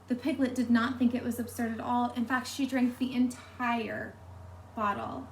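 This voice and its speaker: A woman reading a storybook aloud to children, expressive and animated. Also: fairly high pitch, normal speed. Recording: echoey room.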